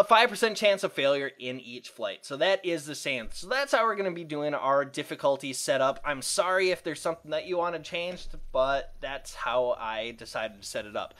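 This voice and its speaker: A man casually commenting while playing a flight simulator, rambling with quick self-corrections and jokey asides. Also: on the high side, a bit bright. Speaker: let's play host.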